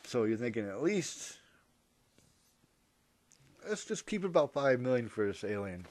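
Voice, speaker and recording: A man's voice: mid-range voice, big pitch swings, a little slow, a little mellow. A man rambling through a comedic monologue, interrupting and correcting himself as he goes. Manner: rambling, hypothetical, self-interrupting. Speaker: vlogger.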